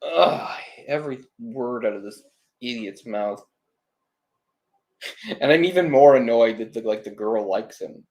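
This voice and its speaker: A man's voice: medium pitch, a little slow, long pauses, dull audio. A young man giving casual, sarcastic live commentary on a film, exasperated and swearing at times. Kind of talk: solo live movie commentary.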